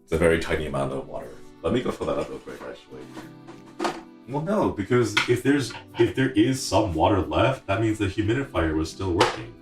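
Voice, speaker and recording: A man's voice: sits low, very animated, fairly quick, over music. A man with a stuffy nose, chatting playfully and rambling on a casual stream from a small city apartment.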